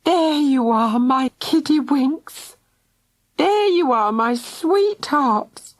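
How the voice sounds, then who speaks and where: A woman's voice: sits high, animated, extremely slow, dry recording, pitched above the performer's own voice, full character voice. A woman doing a doting storybook mum. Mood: soothing. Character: doting mother calling to her children.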